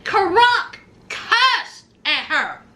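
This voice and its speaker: A woman's voice: extremely high pitch, very animated, drawn-out words, pushed and bright. A woman recapping a reality show in casual chat, talking sassily and directly to the people on screen and to viewers in slangy speech. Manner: slangy and chatty, addresses viewers as y'all.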